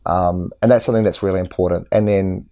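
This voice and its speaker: A man with a fairly low voice answers interview questions as an acting tutor. He explains his methods earnestly, often restarting his sentences as he goes. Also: fairly even intonation, quick pace, gravelly, dark tone. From New Zealand.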